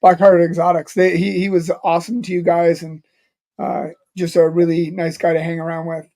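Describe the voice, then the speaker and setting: A Canadian man co-hosting a podcast in a high voice. He trips over his words with repeated starts and swears bluntly. His talk is loose and joking. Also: completely flat delivery, moderate pace, a little mellow. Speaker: podcast co-host. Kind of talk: casual podcast chat.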